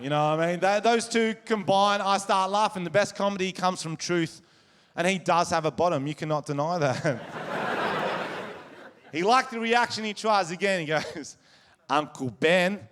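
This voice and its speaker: An Australian man with a high-sitting voice does stand-up at a live comedy venue, telling crude, animated stories at normal speed. The live stage recording picks up the audience laughing.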